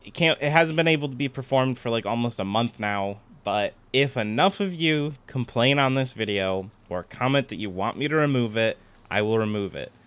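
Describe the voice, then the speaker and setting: A man's voice: medium pitch, lively intonation, normal speed, fairly bright tone, clean tone. A man giving casual gameplay commentary, chatty and explaining things step by step as he plays. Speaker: gaming content creator.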